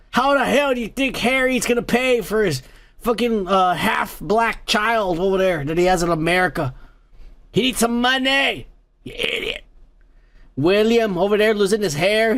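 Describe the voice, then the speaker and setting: A man's voice: sits high, moderate pace, creaky, fairly bright tone. A man hosting a comedy podcast, ranting crudely about the news and raising toasts while drinking. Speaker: podcast host. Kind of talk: profane comedic news rant.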